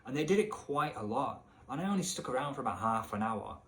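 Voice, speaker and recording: A man's voice: expressive, quick pace, a bit bright. Exasperated man ranting sarcastically. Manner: exasperated, sarcastic, swearing, rising pitch when incredulous. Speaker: video essay host. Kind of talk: comedic game rant commentary.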